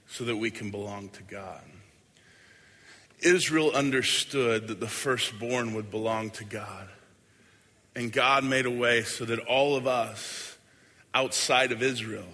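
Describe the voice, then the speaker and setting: A man preaching a sermon as a pastor, earnest and deliberate, often letting his lines fade softly at the end. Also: mid-range voice. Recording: hall with long reverb.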